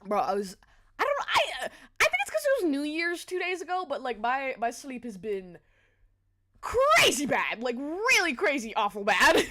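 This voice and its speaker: A woman's voice: high voice, huge pitch swings, fairly quick, bright, forceful tone. A woman streamer in casual, giggly chat, greeting her viewers by name.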